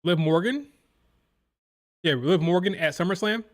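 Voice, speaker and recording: A man's voice: high-pitched, a little slow. A man hosting a live wrestling watch-along, chatting casually and mimicking crowd chants in a sing-song rhythm. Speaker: live stream reaction host.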